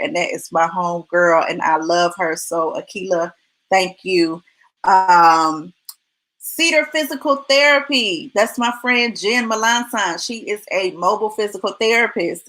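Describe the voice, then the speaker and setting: A woman's voice: fairly low pitch, a bit bright, rough recording. Bubbly chatty woman. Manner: chatty, effusive, laughs often. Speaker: host of a live video show. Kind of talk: casual livestream talk.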